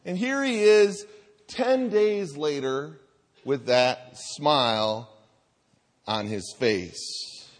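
A man in his thirties preaching, telling a family story in a lively way and acting out the voices of the people in it. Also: fairly high pitch. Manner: animated storytelling, acts out voices. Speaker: pastor. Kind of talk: sermon with personal story. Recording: reverberant hall.

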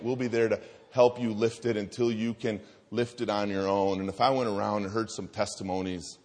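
A man preaching a sermon in a church, telling stories and dropping to soft, earnest tones. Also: on the low side. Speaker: pastor. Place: church sanctuary. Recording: long hall reverb.

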